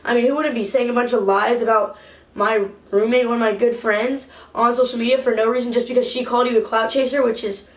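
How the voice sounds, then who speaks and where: A woman's voice: on the high side, fairly even intonation, fast talker. A young woman vlogger giving a heated, indignant storytime rant to the camera. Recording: roomy echo, distant from mic.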